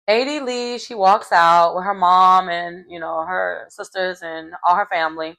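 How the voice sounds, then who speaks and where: A woman's voice: lowish voice, steady tone, unhurried, vocal fry, hardly any pauses, bright, forceful tone. A woman hosting a casual reality TV recap, sassy and colloquial, laughing often as she reacts.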